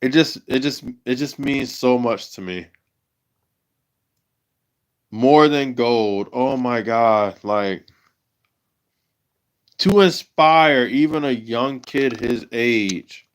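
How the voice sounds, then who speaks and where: A man of middle pitch speaks slowly on his livestream. He stops and restarts his phrases and repeats them as he talks with deep emotion. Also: lively intonation, smooth. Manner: halting, repeats himself, emotional. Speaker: livestream host.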